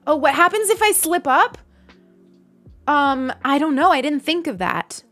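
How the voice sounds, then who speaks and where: A woman's voice: sits high, animated, measured pace, a bit bright, faint music behind. A young adult woman streamer chatting casually and giggling as she thanks donors on a live stream.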